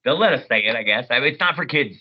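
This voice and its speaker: A man in his forties, a voice actor guest, talks casually and with lots of animation, slipping into playful voices. His audio comes through a little dull and lo-fi, at a medium pitch. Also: rapid-fire. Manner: animated, breaks into loud sung snippets and mimicked voices. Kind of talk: casual interview chat.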